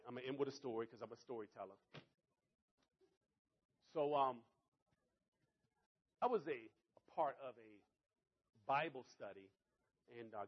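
Man, motivational speaker, quick talker, husky, slightly muffled event recording. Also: a little high. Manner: animated, conversational storyteller. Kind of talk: storytelling speech to an audience.

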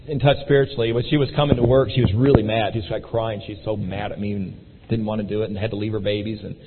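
A man telling his story to an audience in an animated way, acting out the voices of the people in it. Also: mid-range voice, a little hiss or hum. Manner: animated, acts out quoted voices. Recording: tinny phone-like sound in a reverberant hall.

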